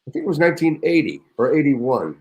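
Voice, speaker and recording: A man's voice: fairly high pitch, very animated, fast talker, low-quality recording. A man around seventy, an actor and guest, reading a memoir anecdote and chatting in a raucous, theatrical way.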